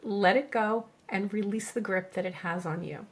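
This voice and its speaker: A middle-aged woman, a veterinarian and coach, co-hosting a podcast and talking listeners through their thoughts in a calm, reassuring way, slowing down to stress key phrases. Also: medium pitch, breathy edge. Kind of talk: scripted podcast monologue.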